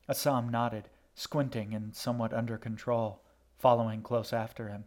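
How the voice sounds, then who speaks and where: A man narrating a fantasy audiobook in a steady, measured way. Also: medium pitch.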